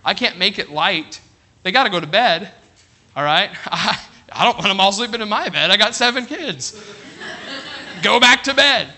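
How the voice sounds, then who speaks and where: A middle-aged man preaching a sermon as pastor, animated, checking in with the congregation with "all right?". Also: high voice, normal speed, pauses often.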